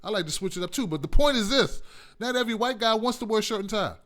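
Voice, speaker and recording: Animated, high-voiced male talk host. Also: fast. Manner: animated, rambling, profane, laughing. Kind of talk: casual monologue on a call-in show.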